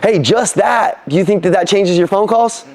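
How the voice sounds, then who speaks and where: A young man giving a motivational sales training talk, energetic and casual, swearing freely and throwing questions at the room. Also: sits high, normal speed.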